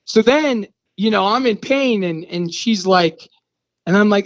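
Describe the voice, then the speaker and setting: A man, an actor guest on a radio interview, telling an animated story and acting out the scene's lines. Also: sits high, normal speed, dull audio.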